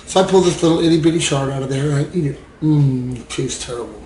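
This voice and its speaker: A man speaking candidly to an audience about addiction and recovery, animated, laughing often and acting out the voices in his head. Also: on the high side, fast talker, few pauses, reverberant, slight background noise, low-quality recording.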